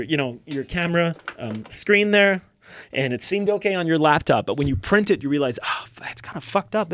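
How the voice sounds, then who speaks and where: Young guy doing a solo podcast, swears a lot, slightly high voice, dry close sound. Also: no echo. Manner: blunt, profane, animated ranting. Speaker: podcast host. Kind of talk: casual solo podcast monologue.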